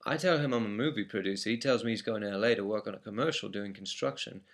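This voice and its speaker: A man's voice: on the low side, fast talker. A man with an English accent telling a first-person anecdote in a matter-of-fact, dry way. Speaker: storyteller.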